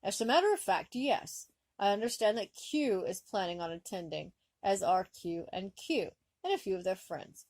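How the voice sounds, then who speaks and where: A woman's voice: mid-range voice, expressive, darkish tone, no room sound, natural voice. Woman doing a stern old captain, put-on Gaelic accent. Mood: dignified. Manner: slow, measured and formal. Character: stern older male starship captain.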